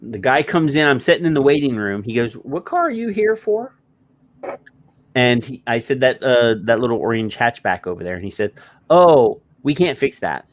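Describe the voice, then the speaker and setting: A co-host with a medium-pitched voice, speaking a little fast, tells a story in casual podcast chat. He is an animated storyteller who acts out what people said and swears when annoyed.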